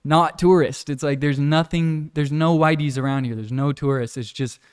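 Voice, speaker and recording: A young man chatting casually in a laid-back, rambling vlog, often mimicking animals and people in high squeaky voices. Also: fairly even intonation, moderate pace, clear, resonant tone. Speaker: vlogger. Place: outdoors on a hillside village walk.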